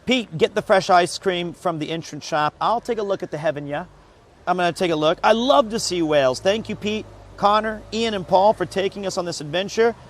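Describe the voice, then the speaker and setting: A man with a slightly high voice hosts a casual travel stream. He talks upbeat and chatty to his viewers. He sounds lively and friendly throughout. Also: fairly quick. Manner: chatty, upbeat, reads aloud to chat. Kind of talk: casual travel vlog chat.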